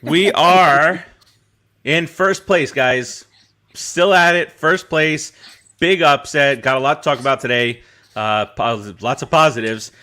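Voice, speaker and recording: A man hosts a loose chat show over a video call, and his voice has a bright, forward tone. He keeps the mood light, teasing his co-hosts and often breaking into laughter. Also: fairly high pitch, unhurried. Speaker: show host.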